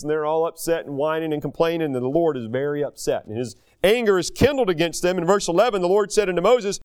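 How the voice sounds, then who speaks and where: High-voiced earnest male preacher. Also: fast, hardly any pauses, a little mellow, clear, resonant tone. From United States. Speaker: pastor. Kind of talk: sermon.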